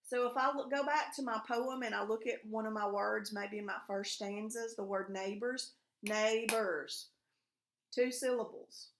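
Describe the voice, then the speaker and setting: A woman teaches a recorded reading lesson to young pupils. She speaks in a somewhat high voice, patient and guiding, and keeps asking them questions. The room has a noticeable echo. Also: steady tone, moderate pace, few pauses, fairly bright tone. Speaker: elementary school teacher. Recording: echoey room.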